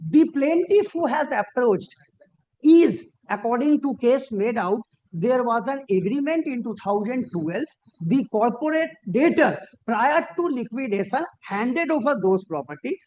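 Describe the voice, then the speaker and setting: High-voiced lawyer arguing in court. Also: male voice, animated, a little mellow, highs cut off. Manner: deferential, peppered with repeated formal address to the bench; halting, with frequent restarts and emphatic rises on key points. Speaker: advocate arguing before a judge. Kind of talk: formal courtroom argument.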